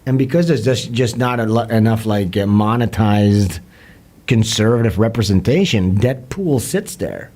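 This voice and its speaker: A man's voice: on the low side, expressive, normal speed, mellow. A man hosting a casual livestream, rambling in a crude, mocking way. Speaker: livestream host.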